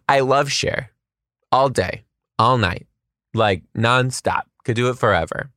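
A man, a schoolteacher, hosting a comedic solo podcast with quick asides and rhetorical questions. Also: medium pitch, lively intonation, a bit bright, no echo, studio quality.

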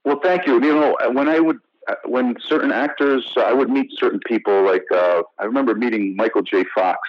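A man from the United States talks through his career as an interview guest, animated and full of restarts. His voice sits at an ordinary pitch. The audio is dry and a bit dull, like a remote call. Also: brisk, no echo. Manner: animated storyteller, many restarts and "you know". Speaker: actor guest. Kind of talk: casual interview storytelling.

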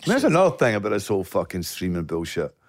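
A middle-aged Glaswegian Scottish man, a guest actor telling stories in casual podcast chat, profane and animated. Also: fairly low pitch, fast, dry recording, studio quality. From Scotland.

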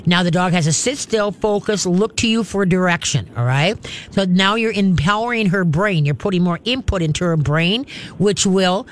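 Animated woman hosting call-in radio. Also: on the low side, moderate pace. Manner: direct, animated, acts out cheerful praise voices. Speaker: radio show host and pet trainer.

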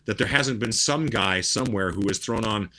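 A middle-aged man with a lowish voice and a bright, forward edge talks in a loose, rambling way, restarting his sentences and leaning on fillers. It sounds like a casual podcast chat. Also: moderate pace, slight background noise. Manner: rambling, many restarts and "you know". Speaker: guest musician.

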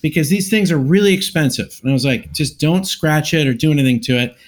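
A man's voice: a little high, lively intonation, quick pace. A man casually telling a long personal story on a podcast, acting out both sides of an argument.

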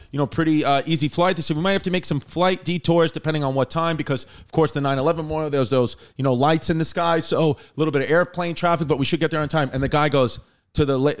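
A man in his thirties hosting a podcast, chatting loosely and excitedly with lots of fillers, and reading ads in a casual way. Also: fairly high pitch, clear, resonant tone. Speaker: podcast host. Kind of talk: casual chat and host-read ad.

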